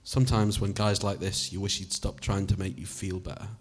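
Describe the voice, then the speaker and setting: A man reads a story aloud, addressing the listener as "you." His voice is somewhat low and husky. He keeps a conversational tone with the odd swear. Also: flat delivery, brisk. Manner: second-person narration, conversational, swearing. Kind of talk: audiobook reading.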